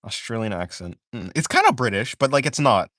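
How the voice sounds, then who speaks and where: A man's voice: medium pitch, animated, brisk, a bit bright. A man chats casually with his viewers on a stream, answering their questions. His voice moves up and down animatedly as he talks. He wanders through his sentences, stacking fillers and restarting thoughts. The sound is dry, with no room echo. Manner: rambling, full of "like" fillers and self-corrections; reads viewer questions aloud and answers them. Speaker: art streamer chatting with viewers. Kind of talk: casual livestream chat.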